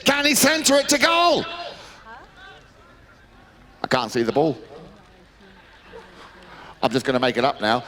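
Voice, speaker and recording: A man with a high, bright voice calls a polo match live for the crowd. He is chatty and playful, then rises to excited shouts on the big plays. His tone stays lively and sharp throughout. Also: normal speed, long pauses. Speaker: polo commentator. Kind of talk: live sports commentary over a PA. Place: outdoor snow polo ground.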